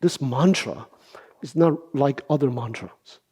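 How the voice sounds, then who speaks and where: A middle-aged man gives a dharma talk as a meditation teacher, taking his time. His voice is mellow and a little husky. He keeps checking in with his listeners by asking "right?". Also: mid-range voice, animated. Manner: unhurried explaining, with rhetorical questions and frequent "right?".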